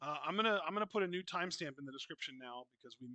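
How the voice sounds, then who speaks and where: A man co-hosting a live wrestling reaction stream, reacting quickly and excitably. His voice is bright and pressed, a little high for a man, and the recording is close and completely dry. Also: dry recording. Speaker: co-host of a wrestling reaction show. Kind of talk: casual live commentary chat.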